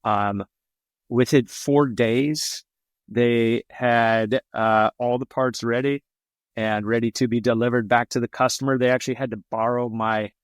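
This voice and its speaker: A man's voice: mid-range voice, steady tone, a little slow, clear, resonant tone, no echo. A man representing his company on a podcast, telling stories in a casual, rambling way with lots of fillers and restarts. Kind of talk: casual storytelling.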